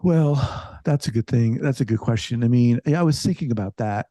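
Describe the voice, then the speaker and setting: A middle-aged man, a psychologist, talking reflectively in an interview, halting and restarting as he thinks aloud. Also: mid-range voice, no room sound. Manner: reflective, halting, many restarts, lively emphasis. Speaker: psychologist and podcast host, guest here. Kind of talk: casual interview conversation.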